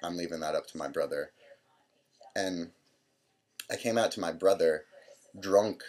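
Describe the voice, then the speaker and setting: A young man in his twenties talks through a personal story in a deep, low voice. He rambles casually, stopping to quote what others said. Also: unhurried, darkish tone. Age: 20s. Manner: rambling, full of "I'm like" quotes. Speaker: vlogger.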